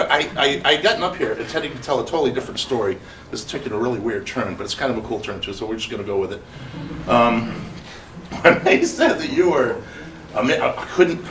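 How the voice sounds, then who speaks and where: A man's voice: medium pitch, a bit bright. Impassioned man telling his story. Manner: impassioned, rambling storytelling with restarts. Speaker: survivor speaking at a memorial gathering. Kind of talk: personal testimony speech. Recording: echoey room, speaker far from mic, faint noise.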